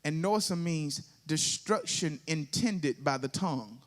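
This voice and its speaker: This pastor speaks with a Southern US accent in an expressive, slightly high male voice, keeping a measured pace. The congregation answers his calls, and his sermon climbs into sung, rising peaks.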